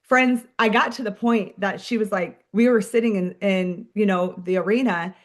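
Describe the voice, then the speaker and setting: A woman leading a team meeting as a sales director, giving an energetic, chatty motivational talk, full of "like" and "friends". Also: medium pitch, moderate pace.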